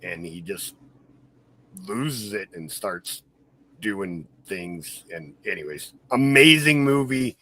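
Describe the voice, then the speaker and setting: A man's voice: low voice, expressive, slow, pushed and bright. A man hosting a podcast, telling a rambling story in casual chat, full of fillers. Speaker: podcast host.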